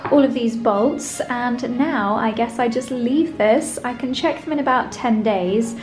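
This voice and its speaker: Indoors at home, a woman vlogs about her life in an unhurried, playful, giggly chat to the camera. Her voice is a little high and a little mellow, captured on poor audio.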